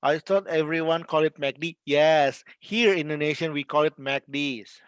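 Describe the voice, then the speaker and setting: A male English teacher, running a relaxed classroom lesson, patient and chatty with fillers along the way. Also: a little high, normal speed, smooth, no room sound.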